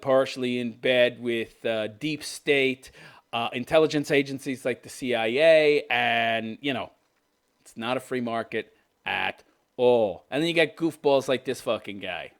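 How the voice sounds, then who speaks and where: A man's voice: mid-range voice, unhurried. A man in his fifties hosting a podcast, ranting scornfully and sarcastically, often breaking into laughter. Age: 50s. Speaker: podcast host. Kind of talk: political commentary rant.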